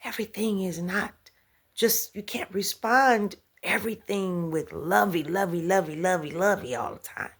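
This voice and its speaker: A woman voicing her grown daughter gently scolding her mother, in a hushed, earnest whisper. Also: fairly low pitch, normal speed, breathy edge. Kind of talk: whispered quote.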